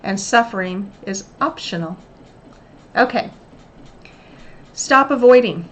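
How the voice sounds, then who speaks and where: A woman's voice: medium pitch, lively intonation, slow, fairly bright tone, a little hiss or hum. A woman hosting a motivational self-help talk, coaching listeners earnestly and acting out little examples. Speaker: host.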